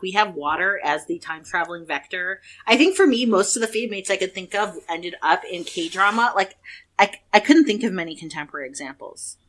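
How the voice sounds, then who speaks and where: Woman, podcast co-host, casual chat, low voice, rambling, swears a lot. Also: fairly bright tone. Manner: chatty, profane, rambling with fillers.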